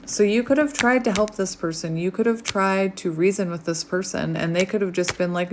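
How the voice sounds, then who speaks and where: A woman giving a casual tarot reading, rambling and chatty with many fillers, sometimes dropping to a soft near-whisper. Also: medium pitch, brisk, few pauses, slight background noise. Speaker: tarot reader. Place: home, outdoors light fading.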